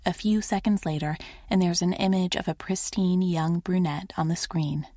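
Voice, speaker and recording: A woman narrating a first-person romance audiobook in a soft, intimate reading. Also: fairly low pitch, fairly even intonation, normal speed, few pauses, no echo, studio quality.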